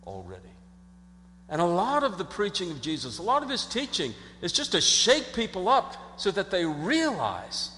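A pastor with a high voice preaches a sermon in an animated, conversational style, acting out quotes and often restarting his sentences. A long hall reverb colors the recording.

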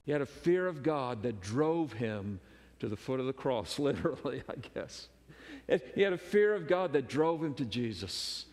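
A man preaching a sermon as pastor, emphatic, moving between loud urgency and hushed intensity. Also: mid-range voice, very animated, normal speed, in a large hall.

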